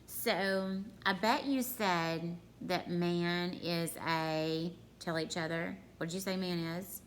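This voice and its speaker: A woman in her thirties leads a home grammar lesson, speaking slowly and in a fairly low voice. She is chatty and talks straight to her students. Faint noise hums behind her. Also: steady tone. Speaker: teacher.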